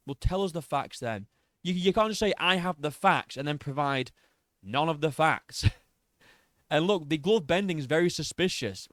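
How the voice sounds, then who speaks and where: A man's voice: on the high side, animated, normal speed, a bit bright, no room sound, clean studio sound. A man giving a mocking, profanity-laced reaction commentary on a video clip. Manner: mocking, sarcastic, swears freely, laughs at the clip.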